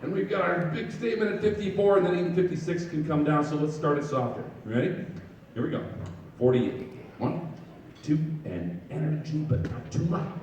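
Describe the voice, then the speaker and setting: Band director, male, animated coach who sings the parts, far from the mic in a noisy, reverberant hall. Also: fairly high pitch, a little fast. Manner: animated and encouraging. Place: large echoey rehearsal hall.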